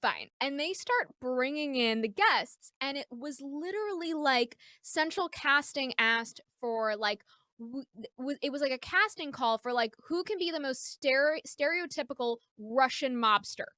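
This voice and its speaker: A woman comedian from New York spins a story with a high, bright, forceful voice, leaping into the voices of the people she describes. The sound is close and dry. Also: a little slow, no room sound. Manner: animated, acts out the people in her stories. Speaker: comedian, guest. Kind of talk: casual chat, comic storytelling.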